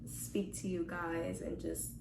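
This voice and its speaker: A woman's voice: fairly low pitch, level tone, takes it slowly, darkish tone, slight background noise. A young woman chatting casually in a vlog Q&A, rambling through a story. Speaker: YouTuber. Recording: echoey room.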